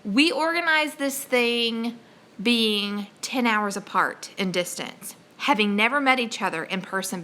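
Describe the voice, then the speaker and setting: A woman host chats on a live stream in a rambling, excitable way. Her voice is bright and tense, she keeps pausing on fillers, and her pitch sits in an ordinary middle range. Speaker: homesteading channel host. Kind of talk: casual live-stream chat.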